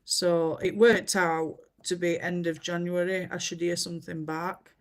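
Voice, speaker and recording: A woman's voice: lowish voice, little pitch movement, measured pace. A woman, chatting casually on a livestream and telling stories with many fillers. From England. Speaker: livestream host. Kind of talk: casual chat while colouring.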